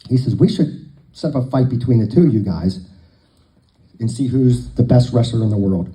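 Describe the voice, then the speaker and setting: A man's voice: mid-range voice, animated, moderate pace, pauses often, warm tone, poor audio. A man telling long jokes to a live crowd, a folksy storyteller who acts out the dialogue.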